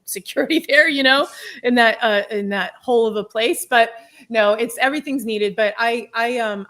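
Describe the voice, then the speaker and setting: A middle-aged woman telling her own life story on a podcast panel, candid and animated, laughing through the hard parts. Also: medium pitch. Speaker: podcast guest. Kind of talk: personal storytelling in a round table talk.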